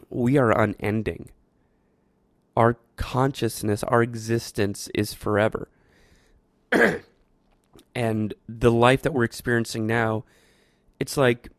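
A man's voice: mid-range voice, no echo, studio quality. A man hosting a show, talking through his thoughts in a rambling, reflective monologue with frequent restarts. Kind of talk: casual monologue.

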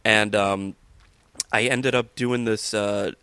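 Man, comedian host, casual chat, lowish pitch, dry close sound. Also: steady tone, slow, pushed and bright, clear, resonant tone, no room sound.

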